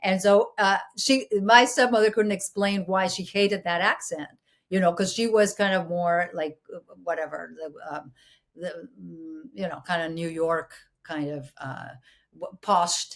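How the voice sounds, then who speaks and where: A Spanish-native woman from Mexico, talking as an interview guest. Her voice sits a little low, and she recounts memories in a lively, restart-filled way, sometimes slipping into mimicry. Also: measured pace. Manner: animated, full of restarts, playfully mimics voices. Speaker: actress and producer, guest. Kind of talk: conversational interview storytelling.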